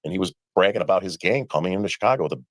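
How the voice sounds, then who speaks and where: Low-pitched and lively in intonation, a man rattles through stories from his life in a played interview, performing each line of quoted dialogue. The recording is dry.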